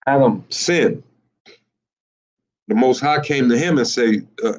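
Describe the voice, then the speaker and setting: A male preacher teaches his congregation, repeating phrases and stumbling over his words. He often stops to ask his listeners whether they follow him. His medium-pitched voice comes through a dull, muffled, lo-fi recording. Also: darkish tone. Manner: repetitive, halting, with many fillers and rhetorical questions. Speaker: teacher of a religious group. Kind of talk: sermon-style teaching.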